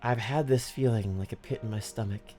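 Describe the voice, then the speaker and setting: A man voicing an earnest, gentle young woman oracle in a soft, plain reading over faint game music. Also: medium pitch, brisk, close to an everyday voice.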